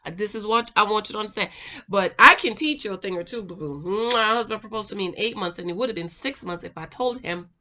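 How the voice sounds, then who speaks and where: Woman, 30s, relationship mentor. Chatty, sisterly, slips into soft low talk. Bright tone, dull lo-fi sound. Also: quick pace. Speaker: relationship mentor, channel host. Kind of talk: casual chat to camera.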